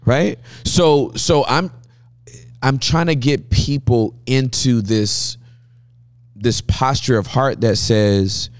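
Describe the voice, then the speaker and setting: A man speaking as a guest pastor, telling animated sermon-style stories with a preacher's cadence and frequent laughter. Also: medium pitch, slow, no echo.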